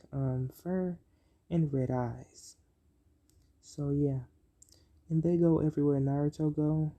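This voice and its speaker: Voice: mid-range voice, mellow. A storyteller casually narrating an improvised fan-fiction story, rambling with many ums and "so, yeah" fillers.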